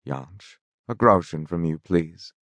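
A man voicing Mark, a gloomy, bossy foreman who gives low, curt orders, in a dry audiobook reading. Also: lively intonation, takes it slowly, a bit bright, dry recording, exaggerated voice.

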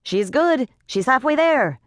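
A woman voicing a tiny, cocky male pixie sidekick in an audiobook, quick and clipped. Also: high voice, lively intonation, no room sound, studio quality, pitched above the performer's own voice. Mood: urgent.

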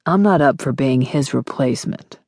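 A woman's voice: very deep voice, expressive, normal speed, a little mellow, no room sound, clean studio sound, heavily acted. A woman voicing a smug, condescending young male college boyfriend in an audiobook. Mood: smug, pushy. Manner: condescending, pushy.

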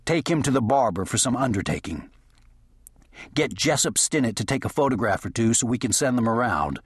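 A man voicing a stern frontier sheriff, speaking low, firm and measured. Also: expressive, husky, no echo, studio quality. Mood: commanding.

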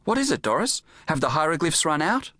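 A man's voice: on the high side, very animated, fairly quick, sharp tone, no echo, studio quality, voice pushed up, exaggerated voice. A man voicing an earnest, courteous male archaeologist poet in an audiobook. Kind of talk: audiobook character voice.

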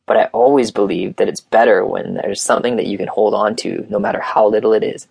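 A man's voice: lowish voice, fairly even intonation, quick pace, vocal fry, a little mellow, breathy edge, no echo, full character voice. A man voicing a sincere young man who survived cancer, speaking in an earnest, heartfelt way.

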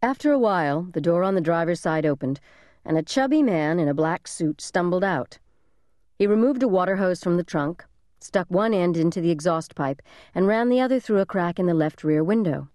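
Woman narrating with a low, mellow voice. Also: animated, no echo, studio quality. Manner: measured, suspenseful reading. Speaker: audiobook narrator. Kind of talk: scripted thriller narration. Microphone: close studio mic.

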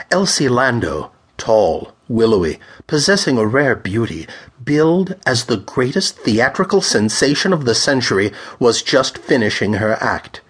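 A man narrating a pulp thriller audiobook in a measured, dramatic reading style. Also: medium pitch, a bit bright, slightly rough.

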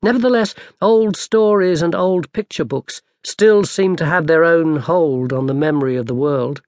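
A man narrating an audiobook in a lively, dry storytelling manner. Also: fairly high pitch, normal speed, no room sound. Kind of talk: scripted narration.

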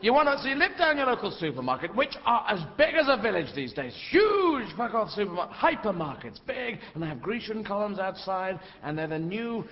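Animated man doing live stand-up. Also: sits high, fairly quick, few pauses. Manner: rambling, animated, puts on shouting old-lady voices. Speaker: stand-up comedian. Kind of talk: stand-up comedy routine. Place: large theatre stage. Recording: live hall recording, dull sound, audience noise. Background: audience laughter.

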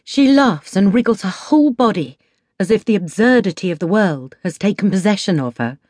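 A woman with an English accent narrating an audiobook in a measured, expressive way. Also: medium pitch, dry recording, clean studio sound. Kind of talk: scripted narration.

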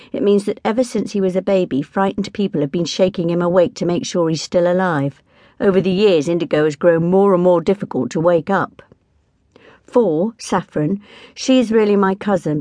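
A woman narrating a children's audiobook in a lively, expressive first-person storytelling manner. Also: fairly low pitch, no room sound.

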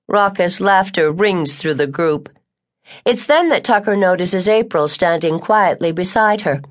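A woman reading a novel aloud as an audiobook narrator, in an even, measured storytelling voice. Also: lowish voice. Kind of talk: scripted narration.

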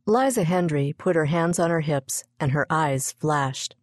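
Low-voiced woman reading a children's book. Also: moderate pace, hardly any pauses, darkish tone, dry recording, clean studio sound. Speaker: audiobook narrator. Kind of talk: scripted children's book narration.

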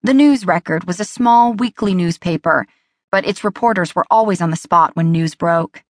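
A woman reading a romance novel aloud as an audiobook narrator, in an even, measured storytelling manner. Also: on the low side, no room sound, clean studio sound. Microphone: close studio mic.

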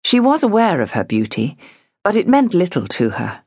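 A woman narrating an audiobook in a measured, expressive storytelling manner. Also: lowish voice, slightly rough, dry recording, clean studio sound. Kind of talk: scripted narration.

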